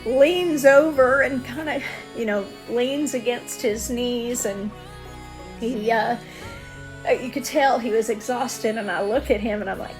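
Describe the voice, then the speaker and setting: A woman's voice: on the high side, unhurried, music in the background. A woman singer-songwriter giving a personal testimony in an earnest, vivid storytelling manner.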